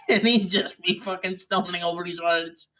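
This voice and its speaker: A man's voice: high voice, steady tone, unhurried, bright, forceful tone, low-quality recording. A man co-hosting a casual podcast, telling stories with lots of swearing and laughter. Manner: sweary, giggly storyteller. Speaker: podcast co-host. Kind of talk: casual anecdote chat.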